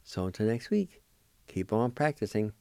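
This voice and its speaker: A man teaching a language lesson, spelling and pronouncing words slowly, syllable by syllable. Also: fairly low pitch, big pitch swings, gravelly, dark tone, clean tone, no echo. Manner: slow, deliberate, syllable by syllable. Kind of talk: slow spelling and pronunciation lesson.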